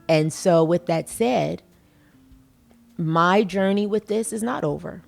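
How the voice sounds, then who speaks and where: A woman's voice: on the low side, normal speed, creaky, soft background music. A middle-aged woman hosting a motivational podcast, earnest and folksy, talking with emphatic conviction. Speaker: podcast host.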